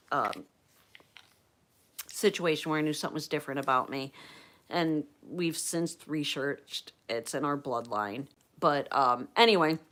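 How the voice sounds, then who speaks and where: A woman from Pennsylvania hosting a livestream, telling a personal story in a chatty, animated way and acting out the quotes. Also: sits low. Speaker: livestream host.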